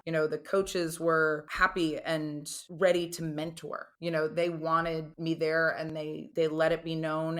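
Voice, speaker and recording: A middle-aged woman speaking as an interview guest, her voice sitting a little low. She is an animated storyteller who breaks into raised voices to act out quoted lines. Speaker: interview guest, former football coach. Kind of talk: conversational interview answers.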